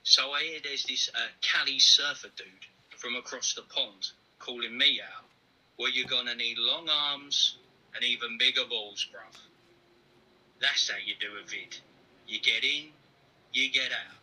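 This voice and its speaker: A man's voice: mid-range voice, steady tone, a little slow, bright, forceful tone, recorded from a distance, low-quality recording. A man with an English accent sending a blunt, teasing video message.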